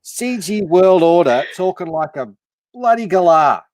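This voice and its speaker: A man's voice: high voice, expressive, a little slow, a little mellow, no room sound. A man, chatting on a casual livestream, jokey and heavy on slang.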